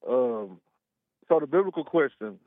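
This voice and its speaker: A man's voice: medium pitch, animated, measured pace, no echo. Chatty male caller on a tinny phone line. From Texas. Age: 30s. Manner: casual, slangy, chatty storyteller. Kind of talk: phone-in call.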